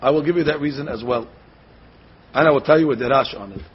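A man giving a Torah class as a rabbi, animated, slowly sounding out words to show how they should be said. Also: mid-range voice, breathy edge. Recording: dull lo-fi recording.

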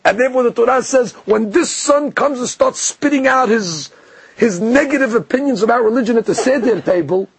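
A man giving a lively Torah lesson, explaining verses, quoting Hebrew phrases and often repeating words. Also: very high-pitched, brisk, husky, dry recording.

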